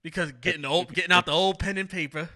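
Young guy with a really bright sharp voice, chatty and playful, a bit high. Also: steady tone, fast, no room sound, clean studio sound. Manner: laughing, rambling, playful. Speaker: podcast co-host. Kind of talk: casual chat.

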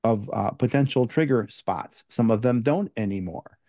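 An older man hosting a podcast interview, offering short affirmations and measured reflections. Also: mid-range voice, warm tone, no room sound, clean studio sound. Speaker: podcast host.

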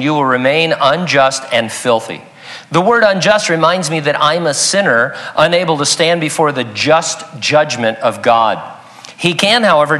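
A man's voice: a little high, bright, forceful tone. A man preaching a sermon in a conversational, emphatic way with joking asides. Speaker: pastor.

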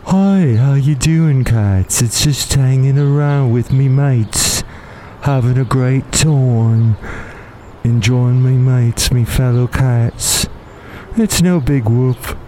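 A man's voice: mid-range voice, slow, mellow, a little hiss or hum, close to an everyday voice. A man voicing a laid-back, friendly male cat who talks easily and calls everyone his mates. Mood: easygoing.

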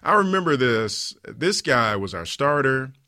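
A man hosting a leadership podcast, telling stories in an animated way with frequent laughs. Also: medium pitch, measured pace, no room sound, studio quality. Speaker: podcast host; former pro football player. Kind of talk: podcast conversation.

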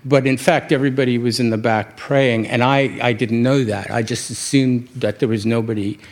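A man from New York City telling a reflective personal story, often halting and restarting his words and chuckling at himself. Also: medium pitch, fairly even intonation. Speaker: speaker sharing a personal story.

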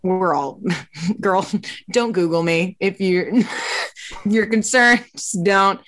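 A woman hosting a casual comedic talk show, animated and quick, often laughing through her asides. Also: fairly low pitch. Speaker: show host.

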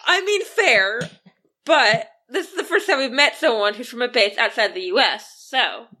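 A woman with a high, lively voice chats playfully during a tabletop role-play game. Her tone is bright and forceful, swinging up and down as she jokes. She sounds animated and amused. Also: normal speed. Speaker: player. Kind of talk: casual chat at a tabletop game.

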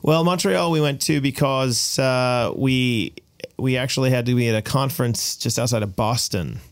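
A man on a podcast, casually recounting travel stories with animated delivery. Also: medium pitch, normal speed, clear, resonant tone, dry recording. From United States. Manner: animated storyteller, voices quoted people. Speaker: podcast co-host. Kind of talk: casual chat, storytelling.

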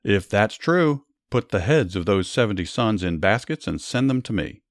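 A man's voice: fairly low pitch, lively intonation, normal speed, dry recording, studio quality, natural voice. A man voicing a ruthless, commanding male king in a read-aloud Bible story. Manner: reads plainly, commands raised and loud.

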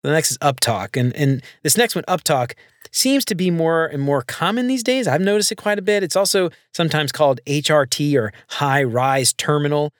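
A man's voice: fairly high pitch, animated, moderate pace, no room sound, clean studio sound. A man hosting a solo podcast, explaining speaking tips step by step in a conversational way. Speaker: podcast host. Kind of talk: solo instructional podcast talk.

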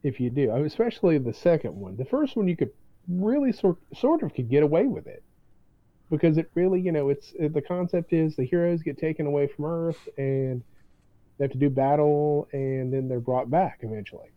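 A man's voice: a little high, lively intonation, fairly quick, dry recording. Man on a tinny phone-like line. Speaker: podcast co-host. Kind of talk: casual chat.

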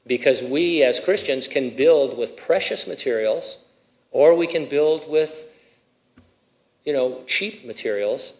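This middle-aged pastor delivers an expository sermon slowly, in a medium-pitched, somewhat dark voice. His tone is casual, full of asides and rhetorical questions, and his voice rises with emphasis whenever he reads scripture.

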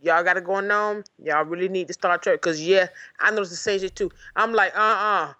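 An emphatic woman speaking bluntly in casual chat, with a bright, sharp edge to her voice. The sound is close and dry, and she swears without hesitation. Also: fairly low pitch, brisk, no room sound, highs cut off. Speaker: podcast guest.

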